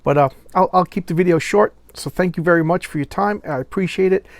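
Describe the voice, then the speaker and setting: A man gives a casual comic book review in a gravelly voice, stumbling and repeating words as he lingers over favorite pages. He sounds openly moved, and the recording is dry and close. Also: sits high, fast, no room sound.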